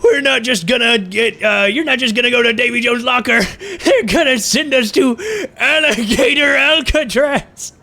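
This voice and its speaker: A man doing a loud, booming impression of a gruff old crab boss from a cartoon. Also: normal speed, exaggerated voice. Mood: blustering.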